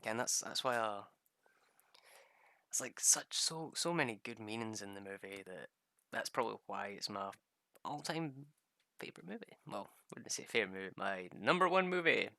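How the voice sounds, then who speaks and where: A young man chats loosely over his game, wandering from thought to thought and cursing without a second thought. His voice is bright and pushed forward. The close mic leaves it dry, with no room sound around it. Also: fairly low pitch, lively intonation, normal speed, gravelly, no echo. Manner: rambling, swears freely, laughs at own stories. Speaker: gaming streamer. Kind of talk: casual gameplay chat.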